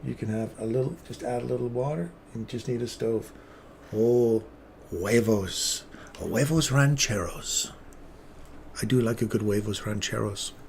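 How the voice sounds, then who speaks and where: A man's voice: mid-range voice, fairly even intonation, fast, vocal fry, few pauses, darkish tone, slight background noise. A man hosting a live trading stream, rambling between chatty asides and market commentary with playful remarks to viewers.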